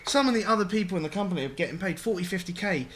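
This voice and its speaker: On his radio show, a man makes casual, rambling chat full of restarts and an occasional curse. He talks rapid-fire in a high, somewhat bright, expressive voice.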